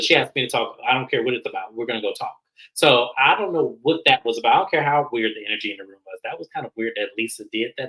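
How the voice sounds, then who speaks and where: Bright-voiced man recapping reality TV. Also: rough recording. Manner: animated, acts out quotes with raised pitch. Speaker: recap show co-host. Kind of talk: casual review chat.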